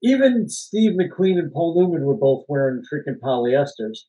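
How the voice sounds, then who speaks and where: A very animated man with a slightly high, warm voice talks at normal speed on a muffled recording. As co-host of a casual film podcast, he tells meandering behind-the-scenes stories, laughing a lot and occasionally cursing.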